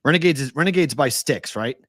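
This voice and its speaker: A man's voice: on the high side, quick pace, no room sound. Ranting Boston-accented man, dry sound. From Boston area. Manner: animated ranting, swears freely. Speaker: sports betting show host. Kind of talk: casual sports talk.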